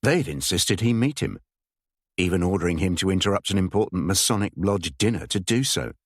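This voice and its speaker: A man reading a thriller aloud in measured, expressive scripted narration. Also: low-pitched, no echo, studio quality. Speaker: audiobook narrator.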